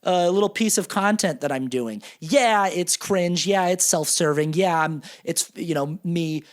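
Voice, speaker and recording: A man with a fairly high voice tells a personal story in a loose, casual monologue. He is self-deprecating and animated, and he acts out both sides of a quarrel as he goes. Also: measured pace. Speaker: podcast host.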